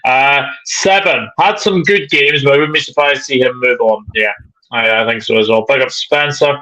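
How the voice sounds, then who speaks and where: Bright-voiced man hosting a live stream. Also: medium pitch, moderate pace, rough recording. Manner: reads viewer comments aloud, chatty. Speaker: host. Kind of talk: live-stream football chat, reading chat.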